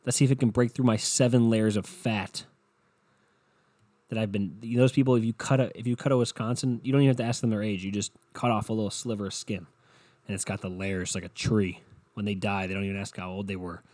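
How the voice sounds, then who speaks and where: Talking fast in a fairly low, darkish voice with a steady tone, a man rambles through a podcast story, cursing a lot and making fun of himself. He keeps things loose and conversational, like chatting with a co-host, and the sound is close and dry with no room around it.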